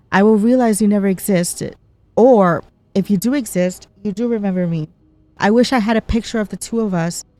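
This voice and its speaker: A woman's voice: mid-range voice, darkish tone, dry recording. A woman streaming a mystery game, reading its letters aloud between chatty reactions. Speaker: gameplay streamer.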